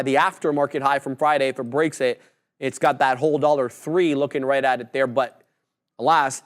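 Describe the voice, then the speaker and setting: A man hosting a live trading show, calling prices and chart moves in brisk, upbeat commentary and correcting himself as he goes. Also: fairly high pitch. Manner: brisk, self-correcting, upbeat ticker calls.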